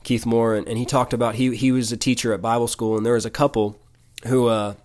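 A man's voice: mid-range voice, flat delivery, fairly quick, a little mellow. Earnest man preaching with many restarts. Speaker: podcast preacher. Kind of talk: Bible teaching.

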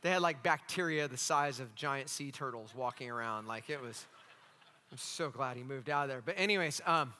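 This preacher speaks at medium pitch and a moderate pace, bringing his sermon's stories to life with animated, acted-out dialogue and jokes on the side. A long hall reverb fills the recording, along with slight background noise.

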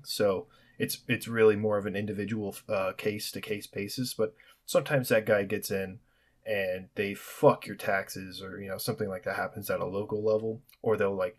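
A young man ranting alone on his podcast, sarcastic and profane, rambling with restarts. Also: fairly low pitch. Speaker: podcast host. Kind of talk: solo podcast rant.

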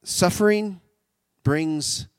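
A man preaching a sermon, animated, swinging from loud shouts down to quiet, intimate tones. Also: high-pitched, extremely slow, smooth, dry recording.

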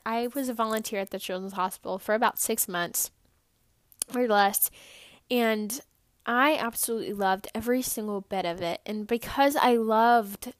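A woman's voice: a little high, no room sound, clean studio sound. Bubbly young woman podcast host. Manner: animated storytelling, bubbly and earnest. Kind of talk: upbeat motivational podcast talk.

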